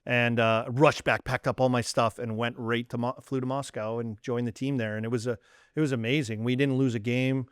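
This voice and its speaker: Animated Canadian former athlete telling stories. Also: male voice, mid-range voice, a little fast, smooth, dry recording, clean studio sound. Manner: animated storyteller, acts out quoted dialogue. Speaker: former hockey player, guest. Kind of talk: casual storytelling chat.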